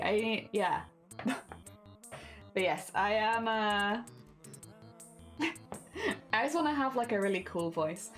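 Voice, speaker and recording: A British woman streaming a craft session, chatting casually with her viewers, laughing often and murmuring "oh dear" as she reads the chat. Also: a little high. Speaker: craft livestreamer.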